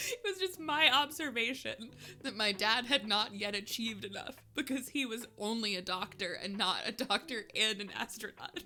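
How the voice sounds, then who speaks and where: A woman's voice: on the high side, pushed and bright. A woman streamer telling a personal story in casual chat, laughing often and using lots of filler words.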